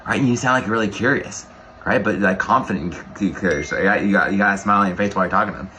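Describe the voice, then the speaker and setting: A man coaching a sales trainee in an energetic way, often checking in with "right?". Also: deep voice, quick pace, slight background noise, poor audio. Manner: energetic, keeps asking "right?". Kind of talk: coaching session.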